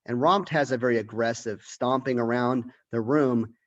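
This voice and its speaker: A man's voice: medium pitch, moderate pace, dull audio. A man who is a college literature professor, giving a lecture and thinking aloud with restarts and questions. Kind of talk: recorded lecture.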